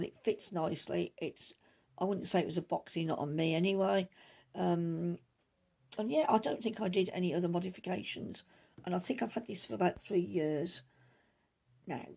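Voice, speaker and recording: A middle-aged woman hosting a knitting podcast, chatting casually in a rambling, quick way with many asides, recorded at home on a camera mic. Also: lowish voice, creaky, dark tone, husky. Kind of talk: casual chat.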